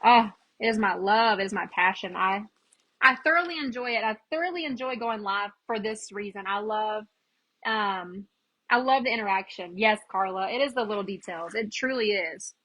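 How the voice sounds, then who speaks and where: A woman's voice: mid-range voice, animated, moderate pace, fairly bright tone, highs cut off. A chatty woman, hosting a casual live crafting demo and greeting viewers by name as she works. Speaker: craft livestream host.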